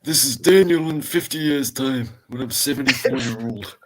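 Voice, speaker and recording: A man's voice: mid-range voice, normal speed, voice pushed up, lightly acted. A man putting on the voice of a cheeky old man who greets the chat and teases his friends. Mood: jovial. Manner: wheedling, teasing, begs for kisses. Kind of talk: casual stream banter.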